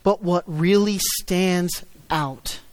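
A man preaching a sermon, swinging between loud emphatic stresses and low quiet asides. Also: steady tone, extremely slow. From United States. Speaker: pastor.

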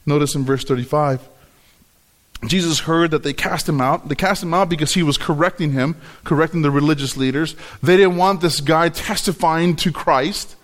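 A man delivers a sermon in a fairly high voice. He is emphatic, often repeating words and slowing to stress key phrases as he explains scripture. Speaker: preacher.

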